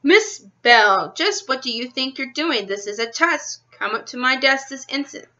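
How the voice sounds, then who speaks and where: Stern woman teacher, sharp and bossy, read by a woman narrator, fairly high, muffled lo-fi sound. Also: animated, normal speed. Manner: scolding, commanding.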